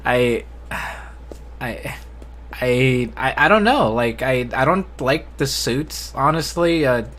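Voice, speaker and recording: A man hosting a casual live-stream discussion, talking in a flat, unenthusiastic way and often restarting with repeated words. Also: slow pace. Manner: self-described monotone, low enthusiasm. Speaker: host.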